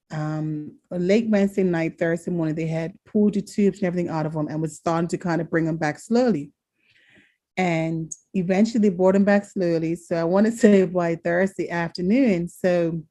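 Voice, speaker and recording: A woman co-hosting a podcast, telling a family story in casual chat, animated and laughing often. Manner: animated, laughs often, jumps high when quoting herself. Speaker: podcast co-host.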